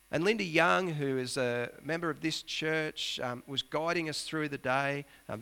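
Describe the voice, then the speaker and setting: Earnest gravelly-voiced male pastor preaching. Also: medium pitch. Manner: earnest, rising to emphatic peaks and dropping to hushed whispers. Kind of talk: sermon.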